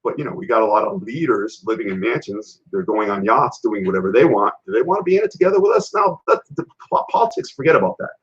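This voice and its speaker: A man's voice: fairly low pitch, quick pace. Blunt, rambling man on a live stream. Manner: rambling, animated, blunt storytelling. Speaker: health and fitness show host. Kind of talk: casual live-stream talk. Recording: dull lo-fi live-stream audio.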